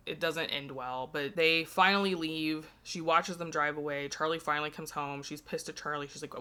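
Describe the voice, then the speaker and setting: A woman's voice: low voice, pushed and bright, smooth. A woman casually recapping a book's plot in a chatty, filler-heavy way, acting out the characters' lines as she goes. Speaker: book reviewer.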